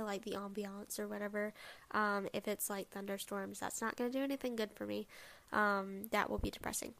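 A woman's voice: a little high, gravelly, fairly bright tone. A young woman hosting her own podcast, chatting casually and rambling with lots of asides. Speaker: podcast host. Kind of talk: casual solo podcast chat.

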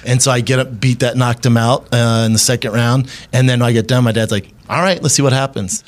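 A man in his thirties, talking at an ordinary middle pitch, spins stories from his past as a podcast guest. He laughs a lot and slips into other people's voices whenever he quotes them, all at an easy conversational pace. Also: steady tone, brisk. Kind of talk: casual storytelling.

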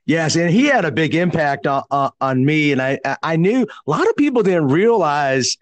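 Podcast host guy, kinda stammery, bit high voice, dry mic. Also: sing-song, no echo. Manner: halting, repeats words. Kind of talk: casual interview chat.

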